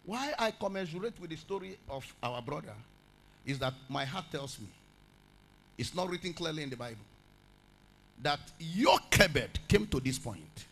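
A man preaching a sermon, swinging from low spoken phrases to shouted, chanted lines and prayer in tongues. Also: sing-song, moderate pace, vocal fry, slight background noise. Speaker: pastor. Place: church meeting at a camp.

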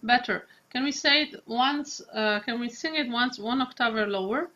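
Lady voice coach, slow, kinda high, muffled lo-fi sound. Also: bright, forceful tone. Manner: demonstrates lines slowly, drawn-out Italian vowels. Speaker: vocal coach. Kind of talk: singing lesson.

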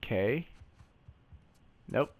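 A man streaming a story game, reacting excitably, exclaiming, swearing and calling the viewer "bro" all the time. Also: drawn-out words. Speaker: gaming streamer. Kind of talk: let's play commentary.

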